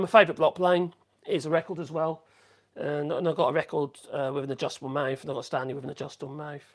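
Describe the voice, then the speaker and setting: A man talks casually through a woodworking live stream. He rambles, stops to correct himself, and hums little tunes between thoughts. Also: on the high side. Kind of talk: casual live-stream chat while working.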